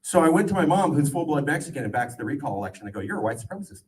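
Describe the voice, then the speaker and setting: A man in his forties from California giving an animated, joking political speech to a crowd, with a sarcastic edge. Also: fairly high pitch, very fast, heavy background noise. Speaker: political campaigner speaking to a crowd. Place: event gathering. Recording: voice distant from the mic.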